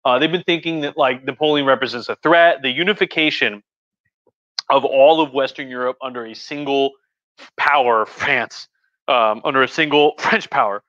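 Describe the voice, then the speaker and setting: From a living room with a couch, a tipsy history professor streams a loose lecture chat, rambling with fillers, restarts and jokey asides. His medium-pitched voice sounds pushed and bright at a moderate pace. The recording is dry and the stream audio dull and lo-fi.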